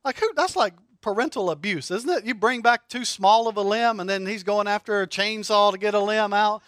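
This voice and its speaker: A middle-aged man preaching a sermon, animated and humorous, asking rhetorical questions. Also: high voice, brisk, no room sound, studio quality. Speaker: pastor.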